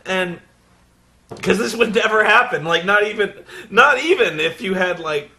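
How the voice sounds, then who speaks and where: High bright-voiced guy rambling and swearing, laughing a lot in a casual chat. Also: animated, moderate pace, slight background noise. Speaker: co-host.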